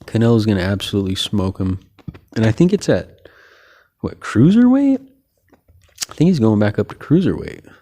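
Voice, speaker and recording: A man hosts a loose, one-person sports chat, wandering from point to point and leaning on filler words. His voice sits a little low, with a dark, mellow tone. He comes across as relaxed and opinionated. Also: normal speed, pauses often. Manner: rambling, heavy on filler words like "you know". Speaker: host. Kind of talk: casual boxing talk monologue.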